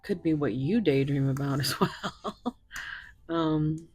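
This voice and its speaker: Low, slow-spoken woman reading tarot cards. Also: darkish tone, slight background noise. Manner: musing, thinks aloud with fillers. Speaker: tarot reader.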